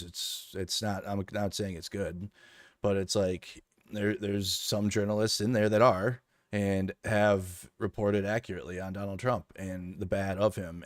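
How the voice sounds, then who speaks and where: A man's voice: fairly low pitch, dry recording, clean studio sound. A man giving casual, sarcastic reaction commentary on political news, rambling with frequent restarts.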